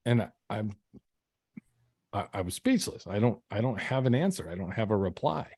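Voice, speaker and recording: A man's voice: lowish voice, expressive, moderate pace, darkish tone, husky, no room sound, clean studio sound. A man, a podcast guest, telling his own story in an earnest, reflective way, often restarting his sentences. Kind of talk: casual storytelling.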